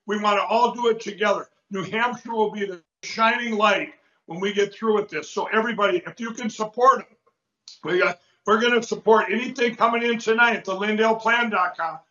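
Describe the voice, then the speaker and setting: A fired-up male host pushes his audience with rapid, repeated urgent appeals. His voice sits high and sounds bright and forceful. The audio is roomy and echoey, with a dull lo-fi quality. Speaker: show host. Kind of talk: urgent call to action.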